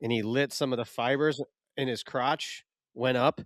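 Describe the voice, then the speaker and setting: A man's voice: medium pitch, steady tone, moderate pace, no room sound. A man co-hosting a podcast, bantering with crude jokes. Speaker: co-host. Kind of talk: casual podcast chat.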